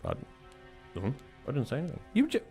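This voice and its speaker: Brief: game master as a stammering, defensive male hunter, rough-mouthed. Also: medium pitch, wildly swooping pitch, a little fast, warm tone, faint music behind, voice pushed up. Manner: flustered, stammering denials. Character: defensive male camp hunter, denying blame.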